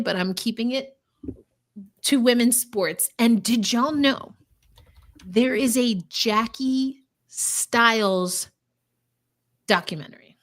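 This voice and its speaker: A woman co-hosting a sports podcast, with a high, bright voice. She talks in an animated, emphatic and playful way, leaning hard on her points. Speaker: podcast co-host. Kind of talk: casual sports chat.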